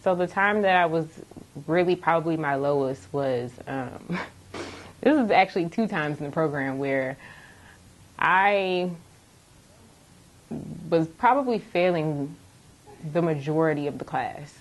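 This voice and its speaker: A young woman in her twenties, a nursing student, telling a candid personal testimony with animated storytelling. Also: deep voice, unhurried, pauses often.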